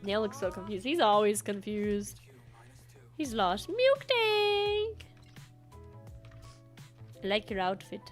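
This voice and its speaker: A woman's voice: mid-range voice, moderate pace, soft background music. A woman streaming a video game, chatting casually and giggling as she plays. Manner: chatty, giggly, explains her character voices. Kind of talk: casual chat while playing.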